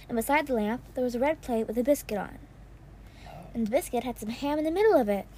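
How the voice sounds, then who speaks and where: A woman reading a first-person children's novel aloud, soft and wondering, with small slips. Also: on the high side, a little hiss or hum. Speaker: audiobook reader. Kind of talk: first-person storybook narration.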